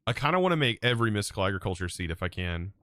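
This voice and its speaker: Here the streamer's voice is on the low side and sing-song, racing along very fast with a bright, forceful tone over a little hiss or hum. He's playing a modded block-building game live, casually chatting to viewers and muttering lists to himself.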